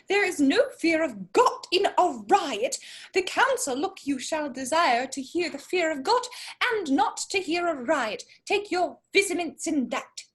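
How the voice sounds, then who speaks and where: A fussy, preachy country parson, read by a woman with a very high, swooping voice that rises and falls all over the place. The reading is casual and amateur, with lively, playful delivery. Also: unhurried, heavily acted. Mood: comic. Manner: lively, breaks off laughing at her own accent. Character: comic fussy Welsh parson, middle-aged man.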